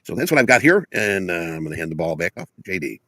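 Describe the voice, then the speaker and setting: A man's voice: sits low, very animated, fast talker, bright, forceful tone, dry recording. A man giving a casual rundown of the day's news on a live trading stream, loose and full of fillers.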